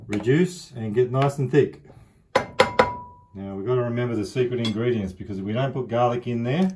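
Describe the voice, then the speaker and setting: A man's voice: on the low side, a little mellow, slight background noise, low-quality recording. A middle-aged man with an Australian accent chatting casually through a home-kitchen cooking demonstration, rambling and easygoing. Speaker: cooking vlogger.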